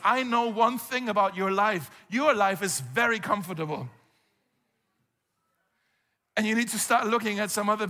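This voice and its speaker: A man preaching a conversational sermon as a pastor, animated, with frequent rhetorical questions to the congregation. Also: high voice, long reverb tail. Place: church hall.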